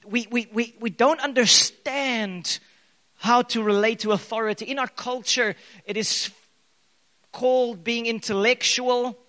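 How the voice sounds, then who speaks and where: Man, pastor, very high voice, animated sermon, hall reverb. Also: a little slow. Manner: animated preaching with bursts of loud acted quotes.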